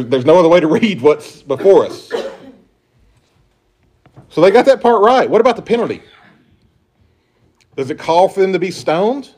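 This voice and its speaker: A man's voice: fairly high pitch, darkish tone. A man preaching a sermon, emphatic and full of rhetorical questions, rising and dropping in volume as he stresses points. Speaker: pastor.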